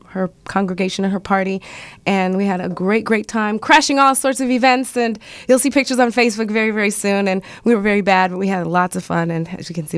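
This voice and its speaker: A woman hosts a radio talk show in a bubbly, effusive way, gushing praise while sounding a little congested from a cold. Her voice is mid-range, with no echo.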